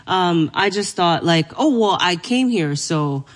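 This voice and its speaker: A woman's voice: lowish voice, unhurried. A woman comedian, a guest on an interview show, telling stories about her life in a chatty way with lots of fillers and frequent laughs. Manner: animated storytelling with lots of fillers, laughs often. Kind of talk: casual interview chat.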